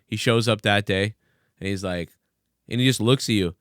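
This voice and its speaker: Swearing podcast host, dry resonant voice. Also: male voice, lowish voice, normal speed, fairly bright tone, dry recording. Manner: rambling, swears, acts out phone calls. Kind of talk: crude casual chat.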